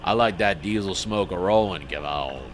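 A man's voice: low voice, normal speed, a little hiss or hum. A man hosting a casual gaming livestream, talking in a laid-back folksy trucker way and greeting his chatters. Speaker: livestream host.

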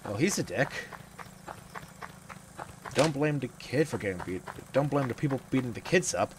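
A man giving casual gameplay commentary at home, reacting out loud, swearing, and reading the game's lines aloud. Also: mid-range voice, lively intonation, moderate pace, long pauses. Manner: reactive, swears, reads game dialogue aloud. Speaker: let's play gamer. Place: home room. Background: game music.

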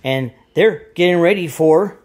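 A man's voice: fairly high pitch, measured pace, a little mellow. A man giving goofy, sarcastic running commentary over cartoon clips. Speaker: channel host.

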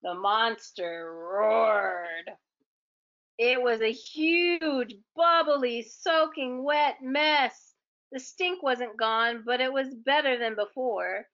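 A woman reading a children's book aloud in a gentle, expressive storytelling manner. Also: fairly high pitch, drawn-out words, muffled recording.

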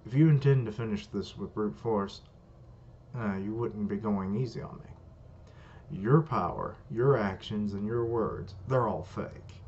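A stubborn, blunt psychic boy, read aloud by a man in his own lowish voice. His lines come out flat and plain. The sound is dull and lo-fi, with faint hiss. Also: measured pace. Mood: defiant. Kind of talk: reading manga dialogue aloud. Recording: muffled lo-fi recording.

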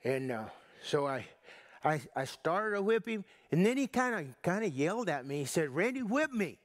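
Male pastor, higher-pitched, rambling folksy sermon delivery. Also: very animated, dry recording, clean studio sound. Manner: folksy, halting storyteller with many restarts. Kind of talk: sermon with personal story.

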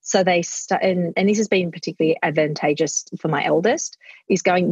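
A woman's voice: lowish voice, fairly quick, a little mellow, husky, no echo. A middle-aged woman being interviewed in casual chat, animatedly acting out what she tells her kids. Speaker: guest. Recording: muffled dry audio.

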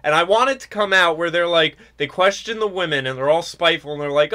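Bright-voiced ranting male podcast host. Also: on the high side, steady tone, fast, few pauses. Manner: ranting, sarcastic, mocking mimicry. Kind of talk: political commentary chat.

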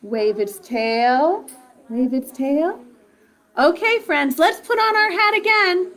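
A woman with a high, light voice leads a children's sing-along activity lesson. She takes her time with each phrase and keeps cheering on the little ones watching at home. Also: lively intonation, fairly bright tone. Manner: encouraging, speaks slowly and directly to young children. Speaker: children's program host.

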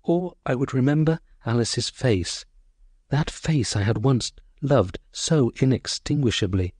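A man narrating a short story as an audiobook, in a measured, sorrowful first-person voice. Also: medium pitch, darkish tone, husky, no echo, studio quality.

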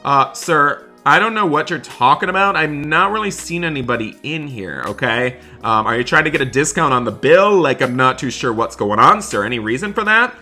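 A man's voice: on the high side, lively intonation, moderate pace, few pauses, pushed and bright, faint music behind. A man hosting a game roleplay, talking to viewers between polite hotel-staff lines. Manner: talks to viewers, switches to polite hotel-worker voice. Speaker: gaming roleplay host. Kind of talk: roleplay commentary.

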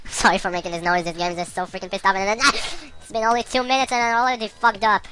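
A woman commentating a video game she is playing, excitable and shouting curses at it. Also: mid-range voice, fast, soft background music. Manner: excitable, yells and swears at the game. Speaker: let's-play gamer.

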